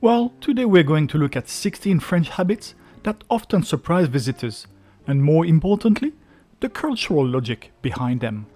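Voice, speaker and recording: A man hosting a travel video, giving scripted narration in a lively, explanatory way with faint music behind. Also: on the high side, normal speed.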